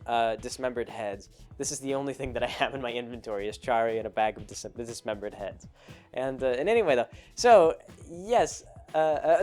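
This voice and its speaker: A man hosts a podcast and recounts an old tabletop game in a loose, anecdotal way. His voice sits at a middle pitch, and he keeps cutting himself off and laughing. Faint music plays underneath. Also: darkish tone. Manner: rambling, self-interrupting, laughs often. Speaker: podcast host. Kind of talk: casual anecdotal storytelling.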